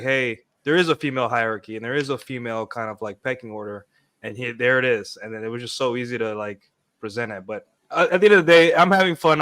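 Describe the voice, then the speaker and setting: A man's voice: mid-range voice, fairly bright tone. A man talking in an upbeat, self-satisfied way as a livestream guest. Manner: upbeat, pleased with himself. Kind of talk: casual livestream chat.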